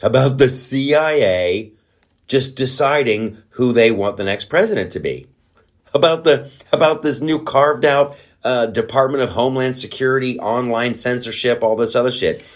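A middle-aged man hosting a comedy podcast, ranting in a profane, worked-up way and breaking into loud outbursts. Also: mid-range voice, moderate pace. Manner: mumbling around a guitar pick in his mouth. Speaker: podcast host. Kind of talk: casual comedic political rant.

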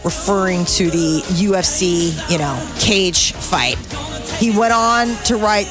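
A woman's voice: medium pitch, takes it slowly. Female radio co-host, chatty and giggly, light music underneath. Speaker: radio co-host reading entertainment news. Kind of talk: casual radio banter. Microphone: studio microphone.

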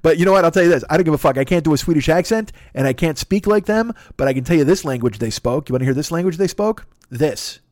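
A man's voice: on the high side, expressive, fast talker, hardly any pauses, darkish tone, dry recording, clean studio sound. A middle-aged man hosting a podcast, telling a long, rambling story in casual, profane chat. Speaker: podcast host.

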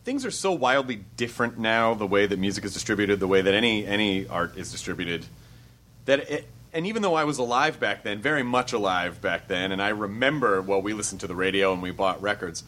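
A man hosting a casual interview, animated and joking, quick to sound incredulous. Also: on the low side, a little hiss or hum. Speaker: host.

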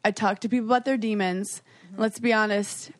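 A woman's voice: medium pitch, fairly even intonation, fairly quick. A woman comedian guesting on a podcast, chatting casually in a blunt, profane, joking way.

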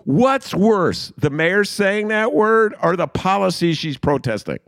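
Sarcastic gravelly-voiced podcast host. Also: male voice, high voice, sing-song, a little slow, fairly bright tone, no room sound, studio quality. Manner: sarcastic, riffing, mocking quotes in funny voices. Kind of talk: casual political commentary.

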